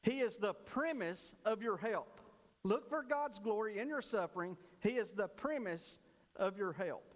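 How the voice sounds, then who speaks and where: Brief: male pastor, folksy storyteller turned earnest preacher, high-pitched voice, church reverb. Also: lively intonation, unhurried. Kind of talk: sermon with a told joke.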